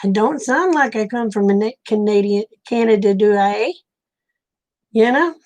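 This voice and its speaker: Speaking at normal speed in a medium-pitched, darkish voice, this Oklahoma-accented livestream host from Oklahoma, USA, chats casually with viewers, spinning folksy stories and laughing a lot.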